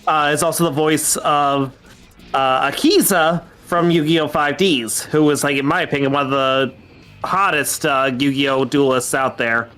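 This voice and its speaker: A man's voice: on the high side, fairly even intonation, unhurried, sharp tone, faint music behind. A man hosting a casual game stream, talking with lots of fillers and restarts. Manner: hesitant, many fillers and restarts. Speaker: streamer host. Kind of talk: casual gaming stream chat.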